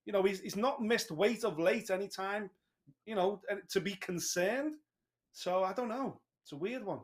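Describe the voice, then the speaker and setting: High-voiced, chatty pundit. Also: male voice, normal speed. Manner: chatty, emphatic, talks in long run-on points. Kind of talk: casual studio analysis.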